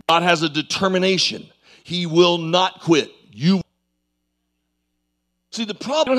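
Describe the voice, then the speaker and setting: Man, pastor, church sermon, high voice, very lively pitch, loud calls and low asides. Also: normal speed, creaky. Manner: animated preaching, swings between loud calls and low asides; calls for amens from the congregation.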